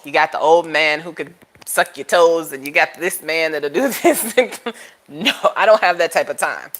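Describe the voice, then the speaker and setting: A young adult woman chatting casually to camera as a tarot channel host, telling stories animatedly and jumping into high, playful voices for quoted lines. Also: moderate pace. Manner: animated storytelling, jumps to high-pitched voices for quoted lines, laughs often.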